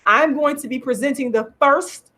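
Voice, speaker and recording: A woman's voice: high-pitched, normal speed, a bit bright. A middle-aged woman ranting angrily to camera in a profane, repetitive vlog, hammering her points home. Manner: heated, profane, repetitive, emphatic. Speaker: online commentator. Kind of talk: angry profane vlog rant.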